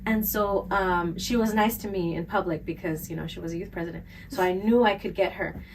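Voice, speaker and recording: A woman co-hosting a podcast, telling a personal story in a casual, animated way with lots of fillers. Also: fairly low pitch, fairly quick, recorded from a distance, slight background noise, poor audio. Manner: animated storyteller, filler-heavy, laughs often. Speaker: podcast co-host.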